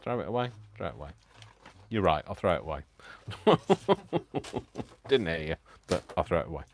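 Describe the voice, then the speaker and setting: A man's voice: deep voice, lively intonation, a little fast, slight background noise. A man hosting a live craft stream, chatty and self-mocking, laughing often as he works. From United Kingdom. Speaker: crafting channel host.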